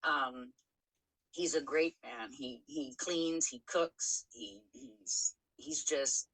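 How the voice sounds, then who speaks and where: A woman's voice: a bass voice, slow pace, fairly bright tone, husky, rough recording. A middle-aged woman frankly telling her own story on a podcast, swearing freely, with many fillers and restarts. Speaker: podcast co-host. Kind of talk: candid personal storytelling.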